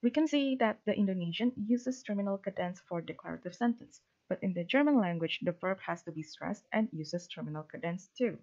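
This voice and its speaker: A woman presenting linguistics research, reading a prepared academic talk in a steady, formal way with a few fillers. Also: medium pitch, a little fast, few pauses. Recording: dull lo-fi recording.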